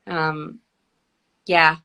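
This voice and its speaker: A woman's voice: low voice, level tone, very slow, sharp tone, smooth. A young adult woman chatting enthusiastically on a live video stream as an actress and co-host. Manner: chatty, enthusiastic, laughs often. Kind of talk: casual live-stream chat. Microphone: phone on a live video stream.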